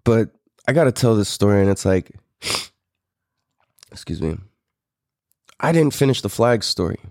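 A man's voice: lowish voice, animated, measured pace, a little mellow, no echo, clean studio sound. A man in his thirties from California, a podcast host telling a story in a loose, profane, rambling way with frequent laughs. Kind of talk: casual storytelling.

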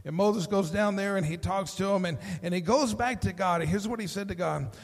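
High-voiced pastor preaching in a hall. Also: male voice, a little fast, hardly any pauses. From Texas. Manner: animated storytelling, acts out voices, repeats words when starting sentences. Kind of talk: sermon.

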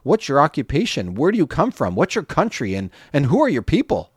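A man's voice: fairly high pitch, wildly swooping pitch, brisk, husky, no echo, voice pushed up, heavily acted. Terrified sailors, read by one man, questioning and pleading in a slightly raised voice. The delivery stays close and dry, with little room sound. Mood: anxious. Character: terrified group of male sailors.

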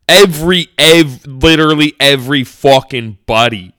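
A man's voice: a little high, lively intonation, unhurried, sharp tone, smooth, no room sound, studio quality. A young man co-hosting a casual podcast, joking and arguing playfully, repeating words for laughs. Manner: jokey, argumentative, repeats words for comic effect. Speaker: podcast co-host. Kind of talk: casual chat. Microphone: studio mic.

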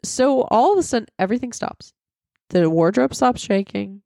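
Animated young woman co-host, dry sound. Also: a little high, moderate pace, creaky, no room sound. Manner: swears freely, loses her place in the story. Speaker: podcast co-host. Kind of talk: casual storytelling chat. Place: at home.

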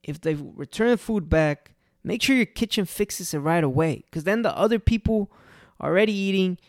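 Earnestly repeating each key point for emphasis, a restaurant owner gives casual advice on handling unhappy customers. The mid-range voice is gravelly with rough fry, lively in intonation and normal in speed. The recording is dry and close, with no room sound or echo.

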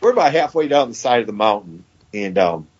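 A man's voice: fairly low pitch, big pitch swings, fairly quick, breathy edge. A man, a podcast guest, telling a long story in a folksy way, acting out the dialogue and laughing as he goes. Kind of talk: casual storytelling. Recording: dull lo-fi podcast audio.

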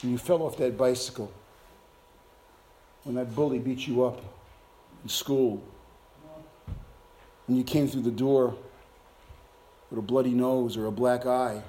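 A man preaching a sermon, swinging from soft, hushed passages to loud, shouted climaxes. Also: medium pitch, steady tone, measured pace, long pauses.

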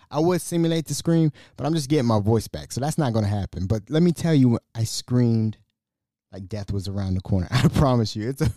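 A man hosting a casual solo podcast, excitable and stumbling over repeated words, his voice a little raspy. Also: medium pitch, no echo, studio quality. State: slightly raspy from screaming. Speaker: podcast host.

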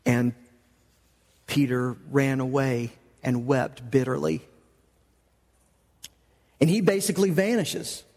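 A man's voice: mid-range voice, slow, long pauses, a little mellow, long reverb tail. A male pastor preaching a sermon, telling the story conversationally and acting out the quoted lines.

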